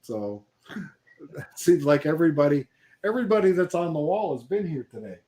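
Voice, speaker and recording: A man's voice: on the high side, sing-song, moderate pace, mellow. A man co-hosting a casual live call-in chat, talking loosely with frequent laughs and restarts over a video call. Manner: chatty, laughs often, restarts sentences. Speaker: co-host.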